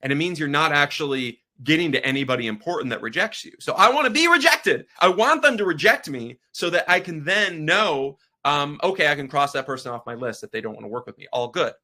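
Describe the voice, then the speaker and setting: A man with a bright, forceful voice gives a loose, energetic workshop talk. He rambles and restarts, slipping into quick acted-out phone calls to make his points. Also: a little high. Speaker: photography workshop instructor.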